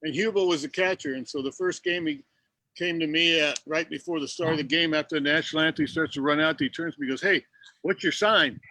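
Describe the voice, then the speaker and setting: A man in his sixties, a former pitcher and coach, telling folksy coaching anecdotes as a guest in a casual interview. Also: fairly even intonation, fast, bright, forceful tone, no room sound, rough recording. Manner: folksy anecdotes with quoted exchanges.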